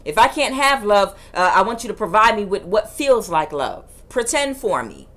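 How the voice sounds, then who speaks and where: A woman's voice: mid-range voice, big pitch swings, normal speed. Emphatic woman giving a tarot reading. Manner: emphatic and forceful, sounds like yelling; repeats phrases for emphasis. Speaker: tarot reader.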